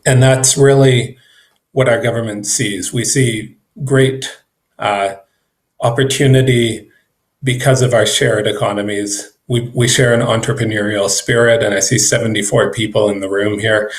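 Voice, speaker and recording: A man's voice: lowish voice, fairly even intonation, a little slow. A man, a government trade representative, speaking at a virtual event in a conversational way with fillers and restarts. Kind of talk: conference remarks.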